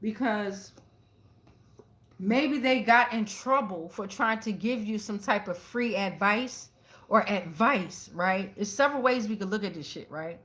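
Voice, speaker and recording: A woman giving a casual tarot reading to her viewers, talking excitably with lots of profanity, repeating phrases and checking in with "right?" again and again. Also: medium pitch, measured pace, echoey room. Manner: profane, keeps asking "right?". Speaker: tarot reader.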